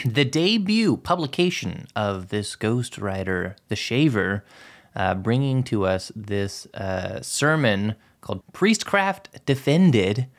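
A man hosting a podcast, asking halting questions and introducing the episode's reading. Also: mid-range voice, very animated. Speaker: podcast host. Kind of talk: casual discussion and episode introduction.

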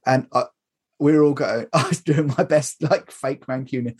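A man's voice: mid-range voice, normal speed. A man, chatting casually as a podcast guest, laughing often and restarting his sentences. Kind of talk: casual chat.

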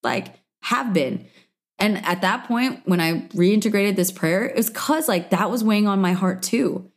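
A woman's voice: medium pitch, lively intonation, unhurried. A young woman hosting a solo podcast, talking candidly and emotionally in a rambling, confessional way full of "like" fillers. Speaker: podcast host.

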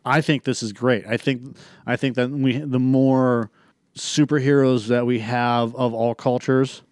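A man's voice: medium pitch, measured pace, dry recording, studio quality. A man hosting a movie review podcast in casual chat, rambling and profane as he tells stories. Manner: rambling, profane, animated storytelling. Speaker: podcast host.

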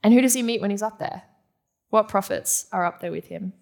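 A woman's voice: mid-range voice, brisk, gravelly, a little mellow. A woman preaching a sermon to a live audience in a teaching manner, asking the room questions and answering them.

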